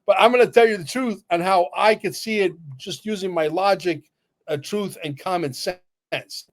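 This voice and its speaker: A man co-hosting a livestream, talking bluntly and emphatically, cursing and filling pauses with "uh". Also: sits high. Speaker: livestream co-host. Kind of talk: opinionated livestream talk.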